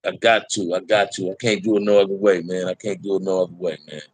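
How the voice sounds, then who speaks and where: A man's voice: deep voice, little pitch movement, no echo. Candid streetwise man telling prison stories. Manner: streetwise slang, laid-back and candid, drawn-out "man". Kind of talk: casual storytelling to a live chat.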